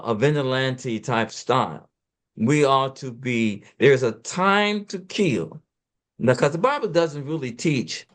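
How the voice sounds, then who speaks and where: A man speaking as an interview guest, explaining scripture in a preacherly, emphatic way and talking fast at times. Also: a little high. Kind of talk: conversational scripture discussion.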